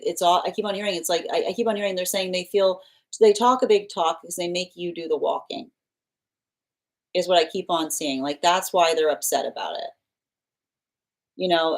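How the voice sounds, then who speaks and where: A woman giving a live tarot reading, talking in a rambling way with many restarts and repeated phrases, breaking into sudden animated bursts. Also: low-quality recording. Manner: bursts into laughter and animated pitch jumps. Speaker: tarot reader.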